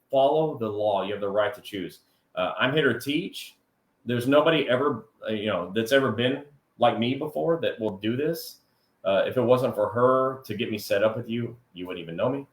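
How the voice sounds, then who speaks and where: Guy cohosting a live chat stream, lively and jokey, roomy echo. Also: mid-range voice, moderate pace. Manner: animated, chatty, jokey asides. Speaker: co-host of a live workers' comp chat show.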